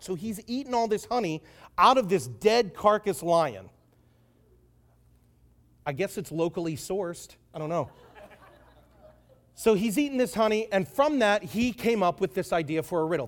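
A man's voice: high-pitched, expressive, moderate pace. A man preaching a sermon as conversational, joking storytelling, with asides to the audience.

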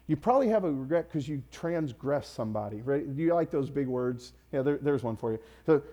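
A man's voice: mid-range voice, expressive, fairly quick. Impassioned male pastor preaching. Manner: impassioned, rising to loud emphatic peaks; direct questions to the congregation. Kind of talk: sermon.

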